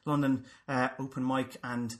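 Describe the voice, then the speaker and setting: A young Irish man co-hosting a comedy podcast, chatting casually with quick jokes and restarts. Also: medium pitch, flat delivery. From Ireland. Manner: joking, quick banter with restarts.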